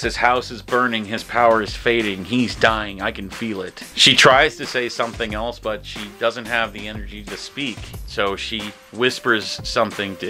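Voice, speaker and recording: A man's voice: medium pitch, sharp tone. A man hosting a show, casually retelling a film script in a chatty, self-mocking way with lots of loose fillers. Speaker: host.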